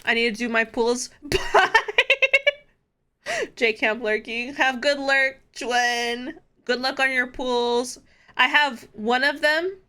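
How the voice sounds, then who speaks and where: A woman's voice: fairly high pitch, fairly even intonation, takes it slowly, pushed and bright. A young woman streaming, chatting casually with her viewers, giddy and laughing often. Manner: giddy, laughs often, talks straight to chat.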